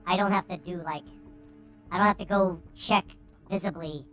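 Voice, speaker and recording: Give me a chatty, excitable woman doing game commentary, with quiet music behind her. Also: on the low side, normal speed. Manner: chatty, excitable, swears freely. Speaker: game streamer. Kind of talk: casual gameplay commentary.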